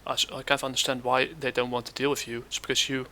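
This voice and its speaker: A man with a gravelly, sharp edge to his voice talks in reaction commentary, keeping a flat delivery. He sounds scornful and halts often with fillers. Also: medium pitch, slight background noise. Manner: scornful, halting with many fillers. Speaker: commentary channel host.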